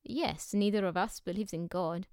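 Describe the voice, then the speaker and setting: A cautious, learned editor from a storybook, answering politely and with care, as a woman reads him. The tone is smooth and even, close to the mic in a dry space. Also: medium pitch, dry recording, lightly acted. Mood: measured. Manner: measured and diplomatic.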